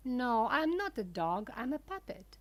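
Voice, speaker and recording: A woman's voice: on the high side, very animated, unhurried. A woman voicing an eager wooden puppet boy. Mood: pleading.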